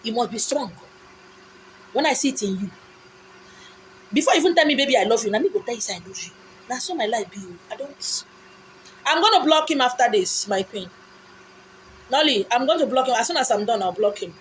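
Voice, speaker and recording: Dramatic Nigerian woman with a high voice. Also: animated, brisk, long pauses, a little hiss or hum, poor audio. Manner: dramatic, repetitive storytelling; blunt, scolding. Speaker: live-stream host. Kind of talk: live video storytelling.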